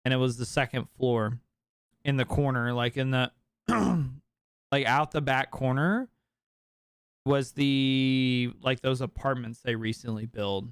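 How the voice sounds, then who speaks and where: Smooth-voiced young man telling a story. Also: mid-range voice, unhurried, dry recording, studio quality. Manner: animated, profane, heavy filler words. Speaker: podcast speaker. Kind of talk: casual storytelling chat.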